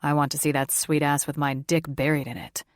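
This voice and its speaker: A woman's voice: sits low, steady tone, a little fast, no room sound, clean studio sound, voice pushed down, lightly acted. A woman voicing a crude, swaggering young male shifter with a lewd, teasing manner. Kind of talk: audiobook character voice.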